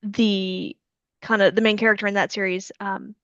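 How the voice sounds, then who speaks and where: An American woman, an author hosting a relaxed interview over a video call, asking friendly questions and giving brief agreements. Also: medium pitch, moderate pace, no room sound. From United States. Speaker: author and host. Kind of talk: casual interview chat. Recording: slightly muffled video call audio.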